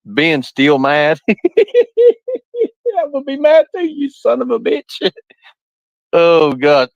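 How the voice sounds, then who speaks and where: A man's voice: a little high, sing-song, takes it slowly, gravelly, pauses often, no room sound. A man chatting on a live stream, laughing constantly and cursing freely. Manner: laughing nonstop, profane. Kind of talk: casual live-stream chat. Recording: dull lo-fi dry sound.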